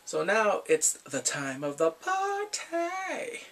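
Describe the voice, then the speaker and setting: A man's voice: sits high, huge pitch swings, takes it slowly, fairly bright tone, recorded from a distance. A man casually recapping and reviewing a TV episode, laughing often and acting out characters' lines.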